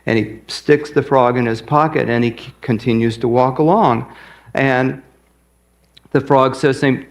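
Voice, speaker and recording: A man giving a folksy sermon as guest speaker, pausing often and hesitating. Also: mid-range voice, fairly even intonation. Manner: folksy, hesitant with many pauses. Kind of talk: sermon with a joke. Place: church sanctuary.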